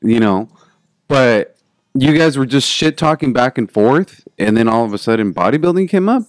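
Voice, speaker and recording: A man's voice: mid-range voice, lively intonation, moderate pace, no room sound, clean studio sound. A man hosting a casual interview, blunt and swearing freely, cutting in with questions.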